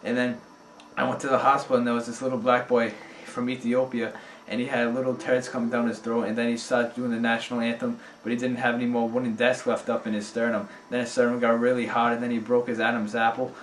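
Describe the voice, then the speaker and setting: A man rattling off an improvised nonsense story in a rapid, deadpan stream of absurd events, recorded among friends. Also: mid-range voice. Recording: echoey room from a distance, faint noise.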